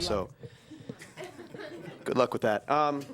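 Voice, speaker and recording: A man's voice: fairly high pitch, expressive, measured pace, over loud music. A man opening his first stand-up set with a dry, self-deprecating line. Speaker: stand-up comedian.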